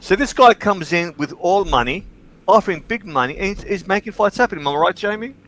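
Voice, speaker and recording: A man with a slightly high voice hosts a livestream in casual chat. He tells stories bluntly and swears freely, and his talk rises into animated bursts. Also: fairly quick, a little hiss or hum, poor audio. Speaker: livestream host.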